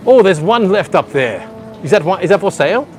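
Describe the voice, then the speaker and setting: A man's voice: sits high, animated, a little fast. Man, livestream vlogger, rambling chatty commentary, outdoors by a pool, phone mic, faint background music. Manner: chatty, rambling, addresses viewers at home. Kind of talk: live walking tour commentary. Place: outdoor beach resort pool area. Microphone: handheld phone camera.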